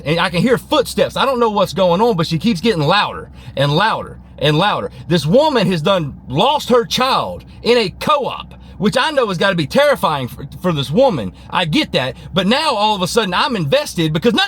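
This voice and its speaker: Animated storyteller man. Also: high-pitched, brisk. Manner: animated, folksy, emphatic. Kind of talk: casual storytelling vlog.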